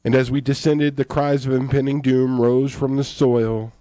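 A man voicing a theatrical fire-and-brimstone preacher telling of a vision, with a booming delivery. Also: level tone, moderate pace, warm tone, dry recording, close to an everyday voice. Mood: ranting.

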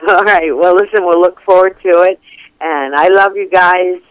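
A man calling in to a radio show, friendly and warm. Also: high voice, steady tone, moderate pace, no echo. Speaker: caller. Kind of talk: call-in chat. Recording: tinny phone line.

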